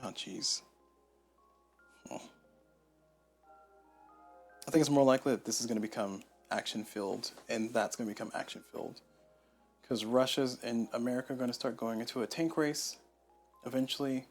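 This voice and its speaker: A man's voice: medium pitch, moderate pace, long pauses, soft background music. A man streaming a solo board game playthrough, thinking aloud and muttering to himself on a lapel mic. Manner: thinking aloud, muttering, self-deprecating asides. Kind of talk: casual solo playthrough commentary. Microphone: lapel mic on shirt.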